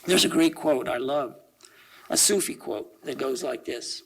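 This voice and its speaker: A man giving a conversational sermon at a church service, reading quotations aloud slowly and asking the congregation rhetorical questions. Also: medium pitch, breathy edge, rough recording.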